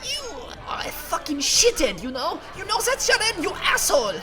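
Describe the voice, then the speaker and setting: Shrieking, swearing young woman, voiced by a man, wildly animated game dub. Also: extremely high pitch, moderate pace, a crowd in the background, pitched above the performer's own voice, heavily acted. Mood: furious. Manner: screaming insults. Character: furious young woman, foul-mouthed and shouting.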